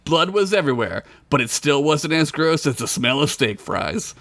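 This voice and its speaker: A man's voice: on the high side, very animated, moderate pace, fairly bright tone, no echo. A man co-hosting a podcast, reading his own comedic story aloud and laughing at his own jokes.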